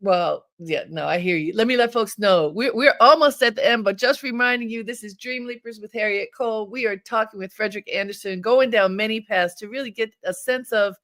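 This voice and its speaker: A woman's voice: medium pitch, fairly quick, few pauses, fairly bright tone. A woman hosting a radio interview show, speaking emphatically and encouragingly to her guest.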